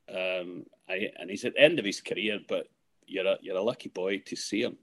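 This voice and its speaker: A man's voice: low voice, brisk. A Scottish man in his sixties, a podcast guest telling a long rambling anecdote with many restarts and asides. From Scotland. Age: 60s. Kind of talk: anecdotal storytelling.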